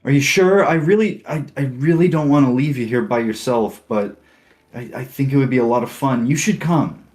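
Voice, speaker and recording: A man's voice: medium pitch, normal speed, darkish tone, voice pushed up, close to an everyday voice. A man voicing an antsy, caring young woman companion who talks hesitantly and stammers in a tabletop game. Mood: pleading.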